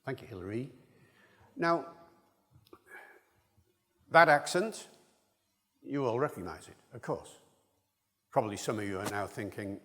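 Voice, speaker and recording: An older male linguist lectures to an audience in a hall, his middle-pitched voice carrying a long reverb. He is discursive and enthusiastic, often breaking off for asides. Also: expressive, measured pace, pauses often, a bit bright. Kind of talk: public lecture.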